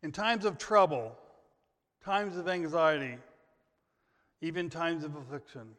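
American pastor preaching in a reverberant church. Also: male voice, fairly high pitch, a little slow. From United States. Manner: emphatic preaching with repetition and sudden loud rises. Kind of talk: sermon. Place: church sanctuary. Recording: long hall reverb.

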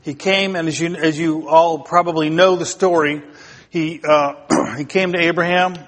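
A man's voice: on the high side, fairly even intonation, normal speed, a bit bright. A male pastor preaching a sermon to his congregation, building emphasis through repeated phrases and putting questions to the listeners. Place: church sanctuary. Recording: long hall reverb.

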